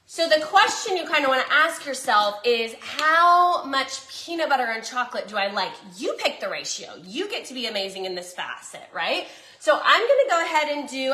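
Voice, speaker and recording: In a reverberant home kitchen, a bubbly Southern woman talks to her viewers as she cooks, her high-pitched voice pushed and bright. She keeps up a chatty, casual cooking conversation.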